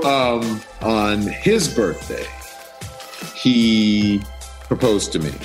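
A low-voiced man tells a story as a podcast guest, his pitch leaping around as he acts out who said what. He laughs easily and keeps the tale animated, with faint music sitting underneath. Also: extremely slow. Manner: animated, acts out quoted dialogue, laughs often. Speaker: news anchor guest.

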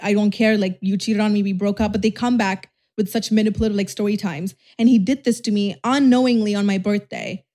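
A woman's voice: medium pitch, fairly even intonation, fairly quick, hardly any pauses, mellow. A young woman telling a personal story on her vlog in a candid, rambling way, saying "like" often, restarting sentences and swearing casually. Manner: candid, rambling, heavy use of "like", frequent restarts. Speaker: YouTuber.

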